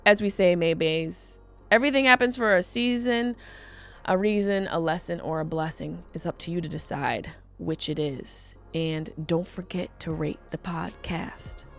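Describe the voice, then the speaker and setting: A woman comedian hosting her podcast, talking casually and jumping into high, loud exclaims. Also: normal speed, soft background music. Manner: animated, jumps into high exclaims.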